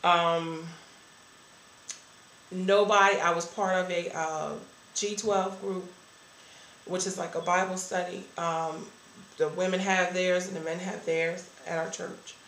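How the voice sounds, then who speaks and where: A woman's voice: fairly low pitch, flat delivery, takes it slowly, long pauses, a bit bright, reverberant, slight background noise, rough recording. A woman giving a candid, earnest personal testimony about her church life. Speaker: church member sharing a testimony.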